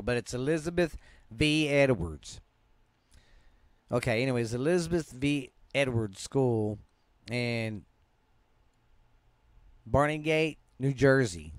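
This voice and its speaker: A man with a Southern US accent hosts a podcast, reading ghost stories aloud in a casual, laid-back way. He often stumbles and restarts words, sounding like he's yawning. His voice is mid-range and the recording is dry.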